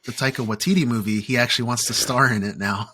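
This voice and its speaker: Chatty laughing podcast dad. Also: male voice, medium pitch, fast. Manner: animated, laughs often, trails off in fillers. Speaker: podcast co-host. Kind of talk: casual chat.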